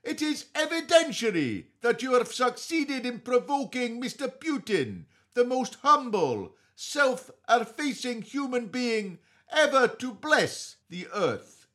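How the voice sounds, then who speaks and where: A man doing a comic impression of a pompous older male political pundit, declaiming slowly and grandly. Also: very high voice, sing-song, fairly bright tone, voice pushed up, exaggerated voice.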